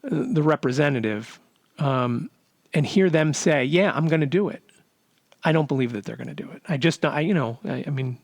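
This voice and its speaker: Male podcast host, mid pitch, chatty and halting, dry close-mic read. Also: creaky, dry recording. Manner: rambling, many fillers and restarts. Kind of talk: casual storytelling monologue.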